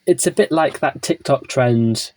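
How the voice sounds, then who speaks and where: Podcast co-host, male, English, mid pitch; dry recording, deadpan-ish storytelling. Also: no echo. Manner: measured, wry storytelling. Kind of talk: casual chat recapping a TV series.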